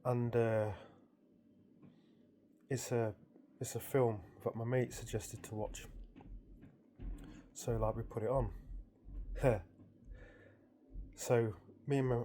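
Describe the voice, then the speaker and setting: A man's voice: on the low side, level tone, slow, pauses often, warm tone, slight background noise. A man casually recounting a dream to his viewers, amused and rambling, with frequent restarts. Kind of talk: casual storytelling.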